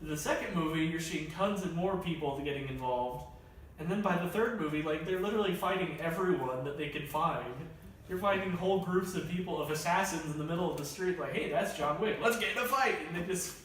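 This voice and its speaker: A young man chatting about movies in a casual roundtable review, thoughtful and measured. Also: on the high side. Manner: thoughtful, measured, hams up quotes. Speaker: film reviewer. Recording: echoey room, distant mic, faint hiss.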